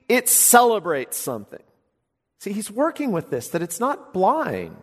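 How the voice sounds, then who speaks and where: Husky preacher man in a reverberant hall. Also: high-pitched, wildly swooping pitch, a little slow. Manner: emphatic, swings from loud exclamations to quiet intense asides. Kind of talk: sermon.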